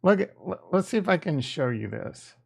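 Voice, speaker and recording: A man hosts a casual livestream and answers his chat directly, defensive one moment and joking the next. His voice sits a bit high for a man and carries a gravelly fry. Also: sing-song, moderate pace, darkish tone. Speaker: livestream host reading chat.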